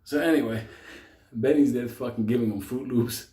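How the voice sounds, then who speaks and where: A man with a mid-range voice tells a wild story at normal speed, casual and animated, laughing and swearing often along the way. The recording has an echoey room sound.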